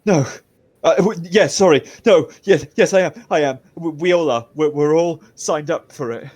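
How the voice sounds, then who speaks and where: A man's voice: medium pitch, steady tone, slow pace, breathy edge, no room sound. A man voicing a terrified captured male prisoner who stammers and pleads. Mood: nervous.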